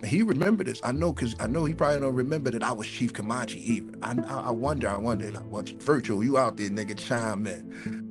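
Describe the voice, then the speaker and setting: A man tells a story on a casual podcast. He talks in an animated way, repeats his words and swears freely. A clear music bed plays under his voice. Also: medium pitch. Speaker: podcast co-host.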